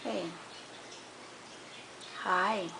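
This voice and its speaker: A woman's voice: medium pitch, steady tone, drawn-out words, vocal fry. A woman at home talking baby talk to her pet parrot, cooing and playfully scolding it. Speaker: parrot owner. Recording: noisy home video.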